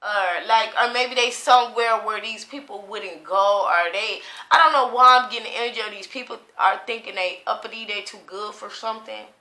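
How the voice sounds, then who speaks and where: A woman in a casual tarot reading, her voice bright and sharp as she rambles on with plenty of swearing. The room around her is echoey. She jumps from one thought to the next. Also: medium pitch, brisk, hardly any pauses. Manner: rambling, profane, stream-of-consciousness. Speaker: tarot reader.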